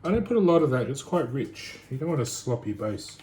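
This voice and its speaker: A man chatting casually while cooking in his home kitchen, rambling and thinking out loud. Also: mid-range voice, big pitch swings, fairly quick. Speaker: home cook vlogger. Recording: noisy home recording.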